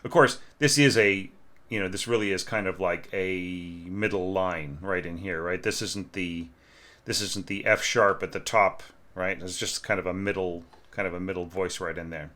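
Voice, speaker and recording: A man teaching orchestration, talking through a student's score in a relaxed, conversational way, often asking "right?" and singing phrases on syllables. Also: low voice, moderate pace. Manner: conversational, keeps checking with "right?", sings phrases as "da, da" and "bum, bum". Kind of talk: informal music lesson.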